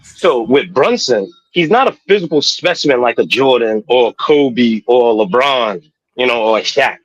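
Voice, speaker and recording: A man co-hosting a casual sports talk show, profane and animated, who keeps saying "know what I mean.". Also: medium pitch, unhurried, no echo, lo-fi sound. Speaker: podcast co-host.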